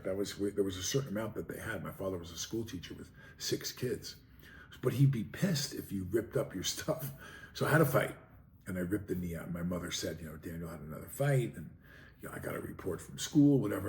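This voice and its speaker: Hosting his show, a man from Long Island, New York, tells a rambling personal story in a conversational way, dropping "you know" often. His voice is low-pitched with vocal fry, and the recording comes from an echoey room with faint noise.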